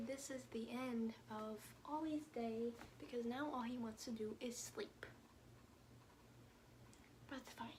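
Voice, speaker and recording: A young woman talks to her phone camera in a bright, high voice. Her vlog chat is chatty and playful, and she coos at her dog between remarks. There is clear noise behind her on the recording. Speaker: vlogger.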